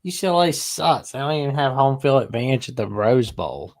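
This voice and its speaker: A man talking casually about sports with a blunt, plain-spoken delivery. His pitch sits in an ordinary middle range for a man, and his picks and opinions come out direct and unfussy. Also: animated, brisk. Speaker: co-host.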